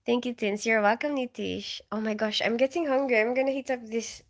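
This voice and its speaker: A woman's voice: a little high, steady tone, brisk. A woman in her forties with a Filipino accent, chatting on a casual livestream, telling stories and answering viewers. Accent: Filipino English. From Philippines. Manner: chatty storyteller, giggles often, reads chat comments. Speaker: livestream host.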